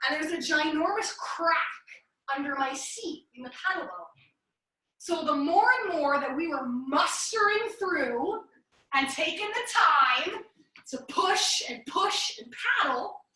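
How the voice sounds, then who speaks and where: A woman in her thirties runs a business workshop, her voice high and bright. She talks in an animated, chatty way, full of asides and "right?" as she tells stories. She sounds distant from the mic in a very echoey room. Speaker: business strategist running a workshop. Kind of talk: energetic workshop talk with personal storytelling. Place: large room at a live workshop.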